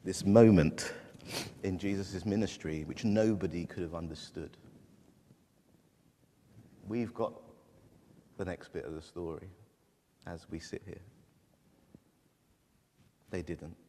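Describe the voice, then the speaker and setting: Deep-voiced male pastor in a reverberant church. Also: dark tone, slight background noise. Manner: halting, emotional personal storytelling. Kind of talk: sermon.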